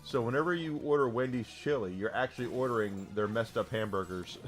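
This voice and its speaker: A man's voice: medium pitch, a little fast, faint music behind. A man live-streaming a retro game, chatting casually with viewers in a rambling, talkative way. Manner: rambling, restarts, heated about sports.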